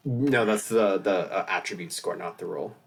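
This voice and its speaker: A man's voice: low-pitched, moderate pace, gravelly, breathy edge. A man narrating as game master of a tabletop game, in a casual manner with fillers and laughs. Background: music.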